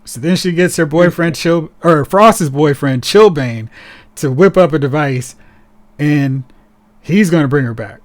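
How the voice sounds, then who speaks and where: Podcast host, male, fairly high voice, lively and sarcastic in relaxed chat. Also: unhurried. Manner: animated and sarcastic, mocking characters in put-on voices.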